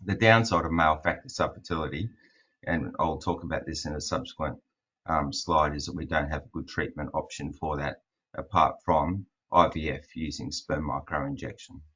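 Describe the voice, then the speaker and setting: A man, a fertility doctor, giving a webinar lecture over slides in a monotone with frequent ums. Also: extremely low pitch, normal speed, husky. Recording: dull, lo-fi webinar audio.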